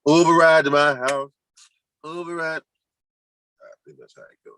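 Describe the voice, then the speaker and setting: A man's voice: on the high side, level tone, normal speed, fairly bright tone, poor audio. A man hosting a casual livestream, rambling loosely and talking to his chat and to himself. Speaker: livestream host.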